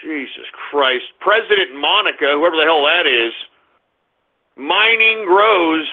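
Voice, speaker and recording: A man hosting a radio show, ranting in exasperation at his chat room, swinging between groans and shouts. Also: fairly high pitch, animated, measured pace. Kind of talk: exasperated live call-in banter. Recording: tinny phone-line sound.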